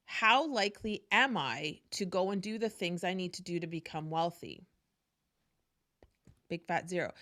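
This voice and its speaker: A woman telling a story from her own life in a loose, casual podcast monologue. Her voice sits a little low for a woman. She speaks frankly, swears freely and keeps breaking off into asides. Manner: candid and profane, lively storytelling with frequent asides. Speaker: podcast host.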